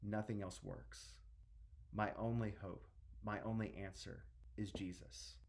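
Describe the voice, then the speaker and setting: A man voicing a desperate father, pleading in a hushed, low voice. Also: steady tone, normal speed, creaky. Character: desperate father begging for his dying daughter.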